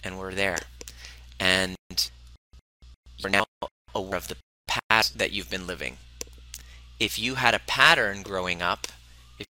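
A man's voice: low-pitched, measured pace, pauses often, sharp tone, no echo, rough recording. A man coaching a live group on relationships, speaking emphatically and bluntly, swearing freely and repeating phrases for emphasis. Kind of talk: motivational talk to a live group.

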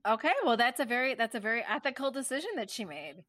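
An American woman co-hosts a podcast and chimes in with quick, curious follow-up questions. She talks fast and sounds set back from the microphone in a dry room. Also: fairly high pitch, lively intonation, a bit bright, no room sound, distant mic. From United States. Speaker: podcast co-host. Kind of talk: casual podcast chat.

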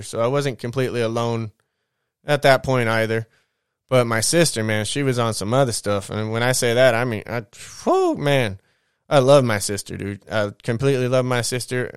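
Rambling smooth-voiced man, dry close sound. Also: medium pitch, no room sound. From Southern California. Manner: rambling, loose slang with many fillers. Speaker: podcast host telling his life story. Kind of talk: casual storytelling.

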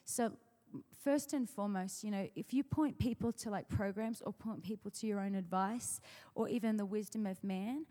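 A woman's voice: mid-range voice, normal speed, dark tone. A woman songwriter telling a story to an audience in a chatty way, full of fillers and restarts. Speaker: worship songwriter speaking at an event. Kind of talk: casual storytelling talk. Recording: long hall reverb.

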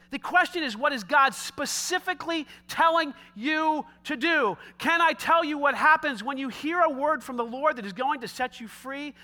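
Bright high-voiced male pastor preaching. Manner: dramatic, swinging between loud pleading and hushed quiet; conversational asides with casual slang. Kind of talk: sermon.

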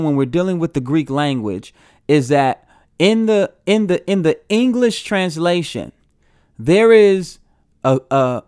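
A man's voice: a little high, smooth, dry recording, studio quality. A man giving an earnest recorded Bible teaching, often repeating and restarting his phrases as he explains.

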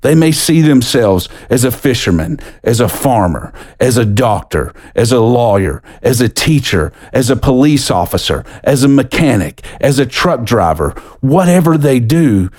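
A middle-aged American man preaching a sermon as a pastor, earnest, lifting his voice when stirred and dropping low and soft for scripture. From United States. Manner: earnest, builds with rising pitch and quickens when excited.

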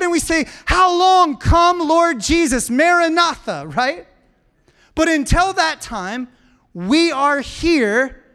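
High-voiced preacher with a smooth tone. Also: male voice, a bit bright. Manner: emphatic preaching with lists and call-and-response. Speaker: pastor. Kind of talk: sermon.

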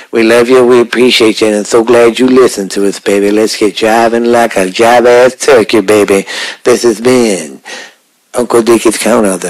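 A man's voice: mid-range voice, lightly acted, poor audio. A man voicing a folksy, rambling country uncle podcaster who stammers and uses jive slang. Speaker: podcast co-host.

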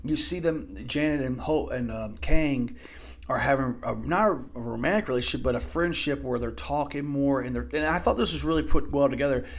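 A man's voice: mid-range voice, a little fast, creaky. A man giving a casual spoken film review into a desk microphone, rambling and profane, with frequent restarts. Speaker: movie reviewer.

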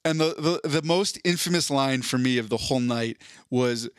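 A man's voice: mid-range voice, normal speed, a little hiss or hum. A man, co-hosting a casual podcast and telling a story, laughing often and acting out what others said. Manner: animated storyteller, laughs often, acts out quotes. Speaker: podcast co-host.

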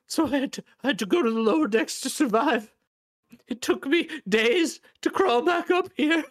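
A man voicing a desperate one-footed male crewman who pleads and stammers in a high, strained voice. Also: expressive, moderate pace, no echo, studio quality. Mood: pleading.

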